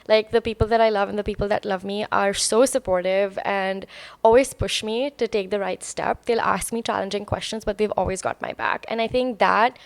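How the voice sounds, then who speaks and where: A woman's voice: mid-range voice, steady tone, brisk, gravelly, no room sound. A woman in her twenties, a podcast guest telling her story in casual, candid chat full of filler words. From India. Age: 20s.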